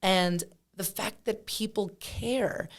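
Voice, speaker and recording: A woman from Pennsylvania, a guest musician telling stories in a casual interview, animated and chatty with lots of fillers. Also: mid-range voice, slow. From Pennsylvania, USA.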